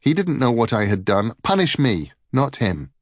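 A man's voice: mid-range voice, big pitch swings, normal speed, no echo, clean studio sound. A man voicing a brave young farm boy who pleads earnestly in a storybook reading. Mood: pleading.

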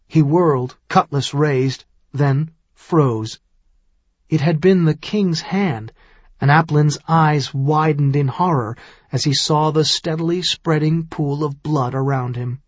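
Slow, husky male audiobook narrator. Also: on the high side, no room sound, highs cut off. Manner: measured, dramatic storytelling.

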